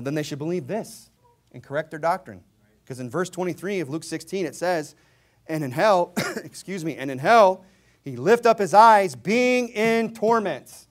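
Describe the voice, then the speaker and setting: Fiery preacher, loud scripture shouts. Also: male voice, a little high. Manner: rising to loud emphatic shouts when reading scripture; mocking, mimics opponents' views. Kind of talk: sermon.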